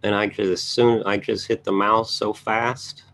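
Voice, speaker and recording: A man's voice: on the low side, little pitch movement, unhurried, gravelly, a bit bright. A man giving casual live market commentary, thinking aloud as he scans charts and making chatty asides to his viewers. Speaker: trading educator reviewing charts.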